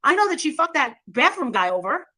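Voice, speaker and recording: High, bright-voiced gossiping woman. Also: sing-song, brisk. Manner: blunt, gossipy, swearing. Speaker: streamer. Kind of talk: casual drama chat.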